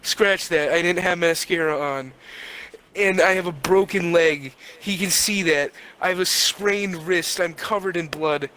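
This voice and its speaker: A man's voice: high voice, measured pace, bright, forceful tone, low-quality recording. A young man co-hosting a podcast, narrating an improvised comic story in a rambling, crude, playful way. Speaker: podcast co-host.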